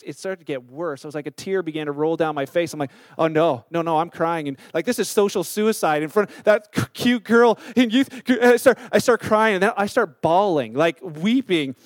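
A high-pitched man preaches a casual, story-driven sermon. His delivery is loose and self-deprecating, full of fillers and restarts. The sound is dry and close, with little room echo. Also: fairly quick, few pauses. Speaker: pastor. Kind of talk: conversational sermon.

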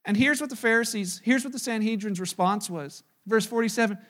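A man preaching a sermon, retelling a story and acting out the quotes in lively voices, sometimes dropping to a hushed tone. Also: high-pitched, brisk. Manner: animated storyteller, voices crowd quotes, drops to hushed tones. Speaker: pastor. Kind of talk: sermon with acted-out dialogue.

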